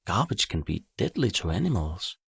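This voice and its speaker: A man voicing a tired, grumpy female owl in a storybook, speaking slowly with a mumble. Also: sits low, very animated, vocal fry, breathy edge, exaggerated voice. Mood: weary, gruff. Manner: slow, mumbling, scornful.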